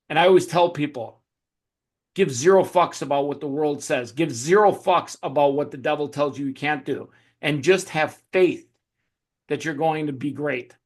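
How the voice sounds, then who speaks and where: A man hosting an interview and giving fervent motivational talk, swearing freely and acting out scenes. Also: a little high. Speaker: host.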